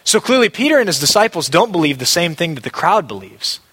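A man's voice: a little high, sing-song, quick pace, pushed and bright, breathy edge. A male pastor preaching a sermon, emphatic and repeating key phrases for weight. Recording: long hall reverb.

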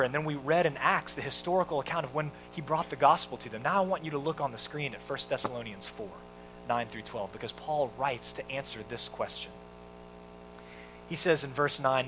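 A man's voice: fairly high pitch, brisk, fairly bright tone, slight background noise, rough recording. A man preaching a sermon in church, explaining a scripture passage and acting out a quoted scene for the congregation. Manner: preaching with dramatic quoted voices. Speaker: pastor.

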